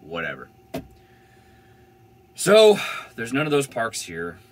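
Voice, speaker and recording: A man's voice: mid-range voice, wildly swooping pitch, slow, slight background noise. A young man telling a van-life story in a casual, rambling way, full of fillers and swearing. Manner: rambling, laid-back, swears freely, many "like" fillers.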